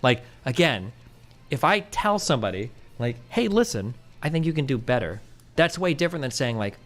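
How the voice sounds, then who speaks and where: A man's voice: medium pitch, normal speed. A man hosting a livestream, arguing heatedly and swearing often as he debates his guests. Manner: animated, argumentative, swears often. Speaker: streamer host.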